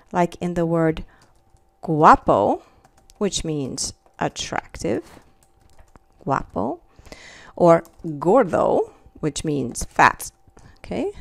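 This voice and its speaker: A woman gives a Spanish pronunciation lesson at a deliberately slow pace, repeating each example word with care. She keeps checking in with "okay" and "all right". Her voice sounds dry and close. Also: lowish voice, gravelly, no room sound. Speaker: Spanish teacher.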